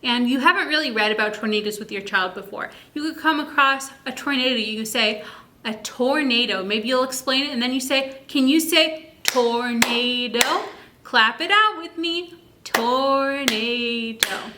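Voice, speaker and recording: A woman presenting an instructional video for parents on early literacy, talking in a friendly, encouraging teacher's way and stretching words out slowly to show their sounds. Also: high voice, background noise.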